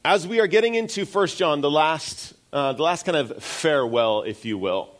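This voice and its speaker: A man's voice: on the high side, animated, normal speed. A middle-aged man preaching a sermon as pastor, in a conversational way with self-deprecating asides.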